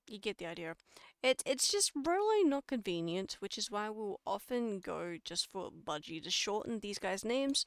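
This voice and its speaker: This Australian streamer is lecturing her chat in a casual, chatty way, laughing at herself and correcting slips as they happen. Her voice is smooth, clear and mid-range with a sing-song lilt at normal speed, and the close recording is dry with no room sound.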